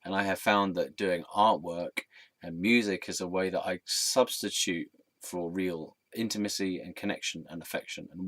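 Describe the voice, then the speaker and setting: A man's voice: low-pitched, fairly bright tone, no room sound. A man telling a candid, rambling personal story in a reflective monologue, with frequent ums. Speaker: vlogger.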